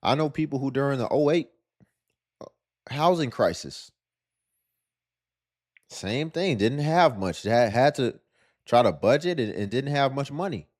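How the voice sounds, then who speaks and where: A man's voice: medium pitch, expressive, measured pace, pauses often, a little mellow. A man giving sarcastic, lecturing reaction commentary on a video clip.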